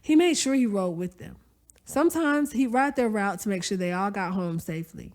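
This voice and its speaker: A woman narrating a story aloud, expressive and conversational, with folksy asides to the listener. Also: mid-range voice, moderate pace. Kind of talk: audiobook-style story narration.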